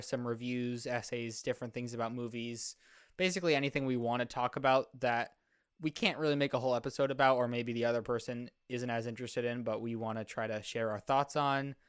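A man's voice: medium pitch, a bit bright, clean tone, no echo, clean studio sound. Joking young man hosting a podcast. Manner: joking, self-deprecating, rambling with restarts. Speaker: podcast host. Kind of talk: casual chat.

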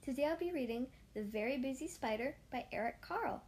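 A woman hosting a children's book podcast, reading a picture book aloud with gentle, slow storytelling and chatty asides. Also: high-pitched, animated, slight background noise.

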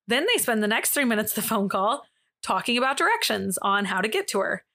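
A woman's voice: on the high side, expressive, moderate pace, bright, forceful tone. A young woman hosting a podcast, retelling a true-crime case in a casual, chatty way, laughing often and swearing now and then. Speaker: podcast host.

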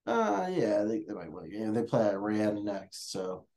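A man's voice: lowish voice, sing-song, normal speed, dark tone. A man in casual chat, hesitant and hedging, with frequent ums and restarts.

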